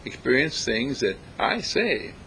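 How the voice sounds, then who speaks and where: A man giving a reflective spiritual talk, deliberate and emphatic, repeating phrases to stress them. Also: medium pitch, big pitch swings, creaky, sharp tone, slight background noise, low-quality recording. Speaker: spiritual speaker.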